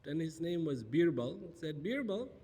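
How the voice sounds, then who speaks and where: A man's voice: a little high, lively intonation, unhurried. A man giving a storytelling public talk, asking rhetorical questions and repeating phrases for emphasis. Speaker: spiritual speaker. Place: large auditorium. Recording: long reverb of a large hall.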